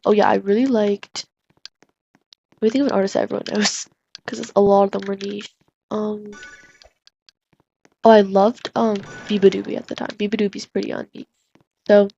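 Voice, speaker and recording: A woman rambles through a casual storytime, packing her talk with "like" fillers. Her voice has a gravelly, creaky edge. The recording sounds dull and lo-fi, with a faint hiss underneath. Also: medium pitch, darkish tone. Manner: chatty, rambling, full of "like" fillers. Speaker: vlogger.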